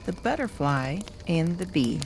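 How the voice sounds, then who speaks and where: An older woman reads children's poetry aloud in a soft-spoken, gentle manner. Her pace is very unhurried and her voice sits somewhat low. A faint hum of background noise lies beneath her reading. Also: big pitch swings, vocal fry. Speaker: storyteller.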